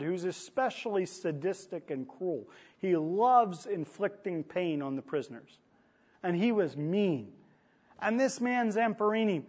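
A man preaching a sermon in a conversational storytelling manner, sometimes acting out the people in his stories. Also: high-pitched. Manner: conversational storytelling preacher, acts out quoted lines.

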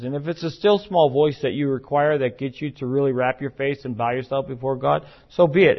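A man preaching a sermon in an emphatic, conversational way, now and then acting out the voices he quotes. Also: medium pitch. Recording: muffled, lo-fi recording.

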